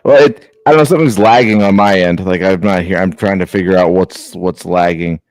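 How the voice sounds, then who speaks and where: A man's voice: deep voice, a little fast, a little mellow, dry recording. A man co-hosting a sports podcast over a video call, talking in a rambling way with frequent restarts. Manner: rambling, apologetic, restarts a lot. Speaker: podcast co-host. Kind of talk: casual sports chat. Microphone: remote video call.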